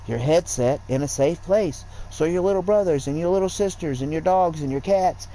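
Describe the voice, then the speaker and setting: A man rambles through a casual gaming livestream, lecturing and swearing freely as he goes. His speaking voice sits high for a man. The delivery is loose and conversational. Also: normal speed, warm tone, a little hiss or hum, rough recording. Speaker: gaming streamer.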